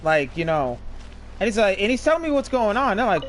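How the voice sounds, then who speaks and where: High, lively man telling stories. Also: a little fast, a little hiss or hum. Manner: animated, profane storytelling. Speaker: streamer. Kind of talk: casual chat while gaming.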